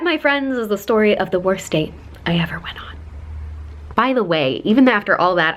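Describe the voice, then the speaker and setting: A woman's voice: medium pitch, a bit bright. A young woman in her twenties telling a chatty storytime, full of likes and quoting people in put-on voices. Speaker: lifestyle vlogger. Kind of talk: casual storytime.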